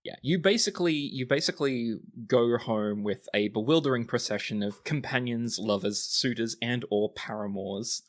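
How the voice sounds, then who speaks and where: A man's voice: mid-range voice, normal speed, few pauses. A man running a tabletop game as game master, narrating in a rambling, casual way with frequent laughs and swearing.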